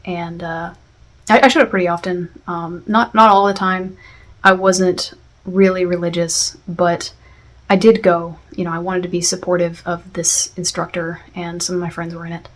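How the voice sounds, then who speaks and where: A woman talking through a series review in a casual, reflective way, with many fillers and restarts. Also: lowish voice. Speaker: video essayist.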